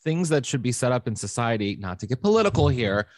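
A man's voice: medium pitch, very animated, fast, darkish tone, no room sound. Brief: male podcast co-host, campy and playful, close dry mic. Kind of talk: casual podcast chat.

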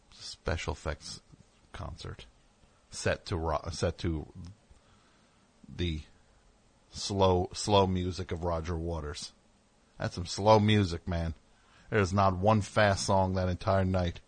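A man's voice: low voice, fairly even intonation, slow, long pauses. A man hosting a radio show, telling a story in a casual, rambling way with wry asides in the studio.

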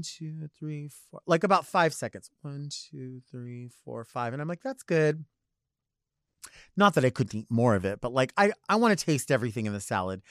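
A man's voice: mid-range voice, dry recording, studio quality. A man in drag hosting a talk show, delivering a campy, theatrical comic monologue full of rambling asides. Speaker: podcast host in drag.

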